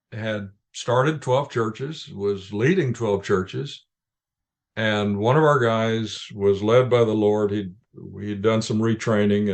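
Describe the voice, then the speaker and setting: A man with a fairly low voice tells stories in an interview. He speaks calmly and in measured anecdotes, often restarting his sentences as he goes. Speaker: ministry leader guest. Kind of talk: interview storytelling.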